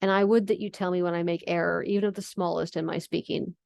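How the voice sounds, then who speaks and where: A woman's voice: fairly low pitch, fairly even intonation, fast, vocal fry, a little mellow, dry recording, clean studio sound. A woman reading the lines of a formal, aristocratic old male vampire count in a stately, archaic manner. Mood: commanding. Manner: stately, archaic read-aloud phrasing.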